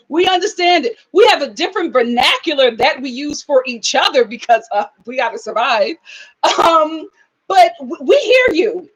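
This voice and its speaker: A woman hosting a live reality TV aftershow, talking in animated commentary and mimicking people in whiny voices. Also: high voice, moderate pace, poor audio.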